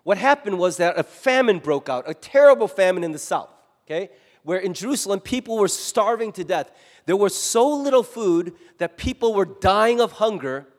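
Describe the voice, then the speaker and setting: A man preaching a sermon to his congregation, lively and animated, acting out voices as he goes. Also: sits high, moderate pace, in a large hall. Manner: animated, acts out quoted voices. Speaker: pastor.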